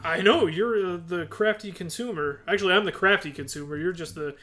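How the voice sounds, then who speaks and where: Giggly high-voiced man podcasting. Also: brisk, bright, forceful tone. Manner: laughs often, rambling and playful. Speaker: podcast co-host. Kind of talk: casual podcast chat.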